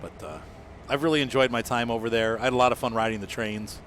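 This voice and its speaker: A man's voice: mid-range voice, fast talker, fairly bright tone, slight background noise. A young American man chatting casually with viewers while playing a game, rambling with lots of fillers. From United States. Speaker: streamer. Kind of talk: casual gameplay chat with viewers.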